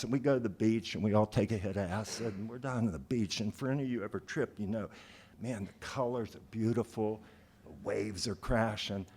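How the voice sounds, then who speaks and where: Brief: a relaxed man recounting a wild road-trip yarn to a live audience, mid-pitched, chatty. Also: slightly rough. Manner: casual, conversational, quick asides. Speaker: storyteller. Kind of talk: live storytelling. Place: theater stage.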